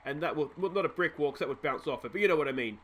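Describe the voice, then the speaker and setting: A young Australian man giving casual, excitable play-by-play commentary on a baseball video game, joking at his own expense and talking to his viewers. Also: fairly high pitch, rapid-fire, slight background noise. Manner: excitable, self-deprecating, talks to viewers.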